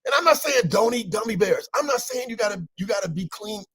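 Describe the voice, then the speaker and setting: A man hosting a casual motivational talk as a coach, energetic and teasing, with preacher-like repetition. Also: sits high, brisk, breathy edge, dry recording, low-quality recording. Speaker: coach and show host.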